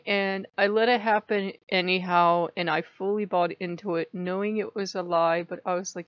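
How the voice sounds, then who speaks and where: A woman vlogger chatting casually to camera about her spiritual life, animated and laughing often. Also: lowish voice, normal speed, dry recording, lo-fi sound.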